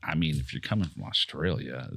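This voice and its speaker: A man's voice: very deep voice, brisk, creaky, a bit bright, slightly rough. A man hosting a casual podcast, joking and laid-back. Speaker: podcast host. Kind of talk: casual chat.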